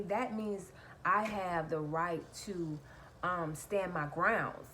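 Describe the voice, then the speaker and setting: Animated woman telling a storytime vlog. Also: medium pitch, takes it slowly, a little hiss or hum. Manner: animated, laughs while retelling, addresses viewers as y'all. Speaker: vlogger telling a personal story.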